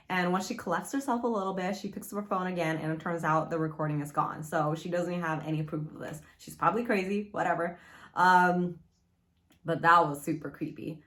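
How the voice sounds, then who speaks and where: A young adult woman casually reviewing a book from her room at home, chatty and animated, easily spooked, with lots of fillers. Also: lowish voice.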